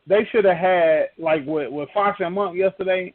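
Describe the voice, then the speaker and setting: A man's voice: a little high, normal speed, few pauses. A man hosting a sports talk podcast, rambling and emphatic, with many fillers and restarts. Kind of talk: casual sports banter. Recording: tinny phone-like podcast audio.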